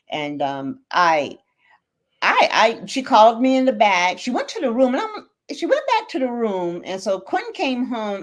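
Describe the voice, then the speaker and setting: A middle-aged woman, a guest and mother of one of the hosts, telling a family story on a live podcast and acting out the quotes. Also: mid-range voice. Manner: animated, acts out quotes in a raised voice.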